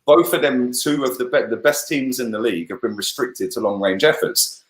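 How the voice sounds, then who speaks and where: A man giving a casual, animated football review on a livestream, full of "yeah?" and "bruv". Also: mid-range voice, normal speed, echoey room. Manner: animated, lots of "yeah?" and "bruv", laughs often. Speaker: football channel host.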